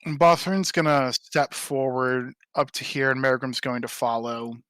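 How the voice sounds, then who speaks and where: A man's voice: medium pitch, fairly even intonation, unhurried, fairly bright tone, clean tone, no echo. A man running a tabletop game as game master, narrating casually with a rambling, apologetic manner.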